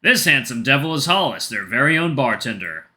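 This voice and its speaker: A jovial male fox speaks grandly and theatrically, as a man puts him on. The voice rings bright and forceful and moves in lively swings. His tone is a touch raised above the man's own. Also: mid-range voice, fairly quick. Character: theatrical male fox, the gang's charming friend.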